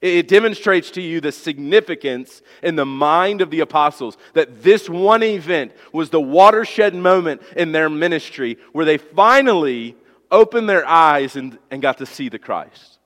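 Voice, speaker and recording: Male pastor, fairly high voice, emphatic sermon delivery with rhetorical questions, long hall reverb. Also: expressive, moderate pace, a bit bright.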